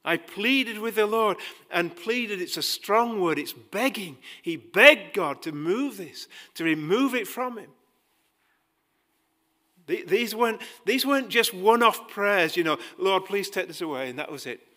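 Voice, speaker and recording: A man preaching a sermon, emphatic, rising to loud pleading passages and dropping quiet again. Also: sits high, animated, a little slow. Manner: acts out quoted dialogue with dry humor.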